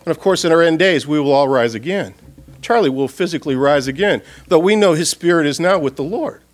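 A man's voice: fairly high pitch, a little fast. Earnest man preaching a funeral sermon. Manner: earnest, expressive, swings from loud appeals to hushed tones. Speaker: pastor. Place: church or funeral gathering.

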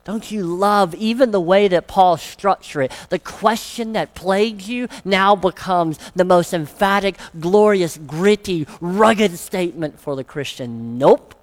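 Slow, emphatic preacher. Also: medium pitch. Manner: emphatic, with rhetorical questions. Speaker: pastor. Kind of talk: sermon.

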